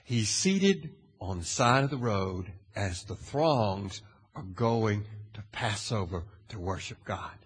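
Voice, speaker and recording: A man's voice: on the low side, expressive, slow pace, breathy edge. Dramatic preacher man in a hall. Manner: dramatic, asks the audience questions, swings from hushed to loud. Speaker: pastor. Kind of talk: sermon. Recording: long hall reverb.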